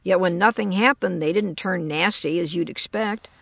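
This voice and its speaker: A woman voicing a gruff, skeptical man from the American South who talks dryly and sardonically, on a dull lo-fi recording. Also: on the low side, moderate pace, dry recording. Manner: dry, growling, sardonic.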